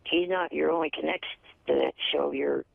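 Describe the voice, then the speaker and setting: Gravelly male guest, blunt and terse, dry dull-sounding line. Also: fairly high pitch, fairly even intonation, fairly quick, no echo. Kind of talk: casual radio chat.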